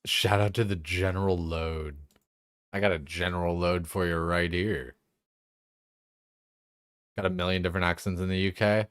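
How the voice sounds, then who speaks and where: Young male streamer, lowish voice, dry close sound, loose profane banter. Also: steady tone, normal speed, long pauses, clear, resonant tone, dry recording. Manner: loose, profane, chatty, laughs often. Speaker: game streamer. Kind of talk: casual live-stream chat.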